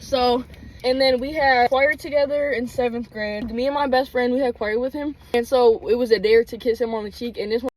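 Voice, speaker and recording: A woman's voice: on the high side, fairly even intonation, brisk, poor audio. A teenage girl hosting a casual mukbang chat at a table, talkative and laughing, swearing casually. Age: teens. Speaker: YouTube host.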